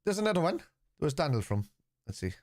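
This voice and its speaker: A man's voice: fairly high pitch, sing-song, brisk, a little mellow, no echo. A man hosting a live football watchalong, chatting casually and answering viewers' comments.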